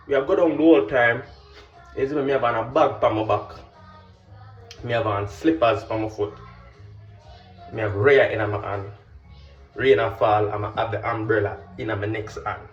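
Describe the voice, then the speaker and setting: A man, a vlogger and pilot telling a story in an animated, casual way and often checking that the listener understands. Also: mid-range voice. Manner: animated, keeps asking "you understand?". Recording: roomy, distant, dull with faint music.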